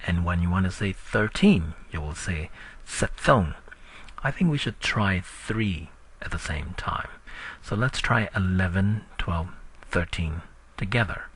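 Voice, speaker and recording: A man teaching a recorded language lesson, drilling words slowly and patiently. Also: husky. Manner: slow, patient drilling with lively pitch.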